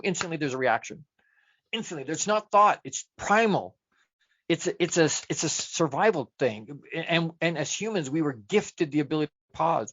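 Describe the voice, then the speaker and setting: A man's voice: a little high, fairly bright tone, no echo. A man giving a motivational talk as a life coach, chatty and self-deprecating, who asks rhetorical questions and answers them himself. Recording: dull, dry lo-fi recording.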